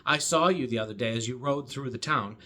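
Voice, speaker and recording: A man's voice: medium pitch, brisk, sharp tone. A man reading aloud as a talkative middle-aged spinster who rambles breathlessly from one topic to the next. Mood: fluttery chatter. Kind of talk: reading a novel's dialogue aloud.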